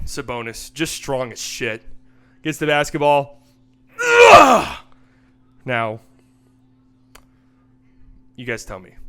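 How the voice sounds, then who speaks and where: Bright-voiced animated male basketball breakdown host. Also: a little high. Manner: animated, laughing, mocking. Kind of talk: casual film-breakdown commentary.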